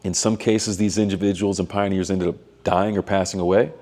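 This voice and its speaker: A man with a low, mellow voice gives a reflective talk on faith. He speaks in a thoughtful, measured way, pausing on fillers and restarting his sentences as he works through an idea. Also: little pitch movement. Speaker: doctoral student and missionary vlogger.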